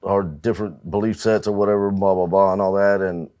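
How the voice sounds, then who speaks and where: Low-voiced man telling profane road stories. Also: steady tone, fairly quick, mellow. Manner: profane, storytelling, laughs at own anecdotes. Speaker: musician guest. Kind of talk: casual interview chat.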